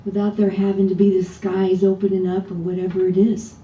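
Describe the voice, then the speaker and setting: A woman minister gives a relaxed, conversational sermon and often turns to the congregation with rhetorical questions. Her voice is mellow and warm. It is picked up from some distance in an echoey church, with a faint low rumble underneath. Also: brisk, dull audio. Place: church sanctuary.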